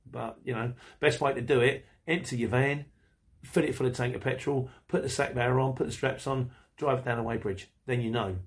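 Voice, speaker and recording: A man from England chatting to camera as he answers viewer comments. He rambles in a relaxed, friendly way and keeps restarting his sentences. His talk is full of ums and asides. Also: medium pitch. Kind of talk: casual chat to camera.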